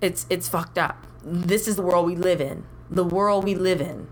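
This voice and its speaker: Young woman podcast co-host, low voice, blunt and profane, faint noise behind. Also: moderate pace. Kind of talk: casual chat.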